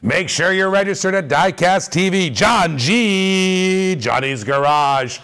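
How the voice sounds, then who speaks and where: A man hosting a live auction stream, calling out dice throws with energetic, repetitive hype patter. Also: sits high, slow, smooth.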